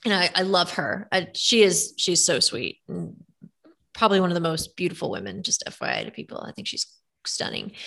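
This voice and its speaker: A young woman chatting casually, telling animated stories with lots of fillers. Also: medium pitch. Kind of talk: casual chat.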